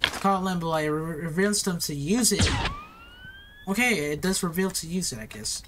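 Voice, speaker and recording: Nervous woman gamer with a lively voice. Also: on the low side, moderate pace. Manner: nervous, pleading, slangy running talk. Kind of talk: horror game commentary. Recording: noisy recording.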